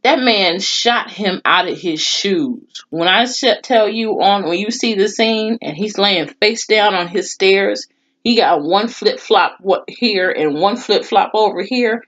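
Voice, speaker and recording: A woman casually recapping a TV episode in a blunt, expressive way, swearing freely. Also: medium pitch, a little slow. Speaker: TV show reviewer. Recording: dull lo-fi recording.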